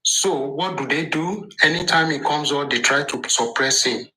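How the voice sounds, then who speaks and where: Man with a bright, sharp voice. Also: fairly high pitch, normal speed, low-quality recording. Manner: rhetorical, asks and answers his own questions. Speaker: panel speaker. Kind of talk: online discussion.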